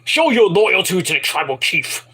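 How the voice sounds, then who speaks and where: A man's voice: high-pitched, very animated, moderate pace, breathy edge, full character voice. A man doing a barking, bossy wrestler boss. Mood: bossy shouting. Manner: barking, shouted commands. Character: snarling domineering male wrestler boss.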